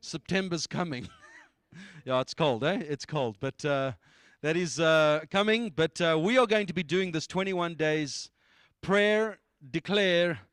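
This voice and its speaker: A man with a fairly high voice addresses his church in a loose, conversational way. He repeats his phrases for emphasis as he exhorts and announces. The sound is close and dry, with no room echo. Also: unhurried, few pauses, a bit bright, clean tone. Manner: emphatic, repetitive, conversational preaching. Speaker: church leader. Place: church meeting.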